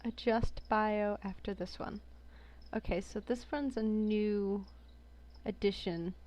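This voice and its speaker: Reviewing a game collection, a woman reads entries out and adds her own casual, amused remarks. She has a medium-pitched, darkish voice, speaks slowly, and keeps her intonation fairly even.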